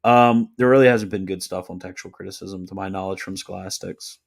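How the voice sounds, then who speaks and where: A young man with a deep, low voice hosts a livestream Q&A. He reads chat questions and tosses back offhand, deadpan answers with a joking edge. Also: creaky. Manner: offhand, deadpan, quick jokey replies. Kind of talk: casual livestream Q&A.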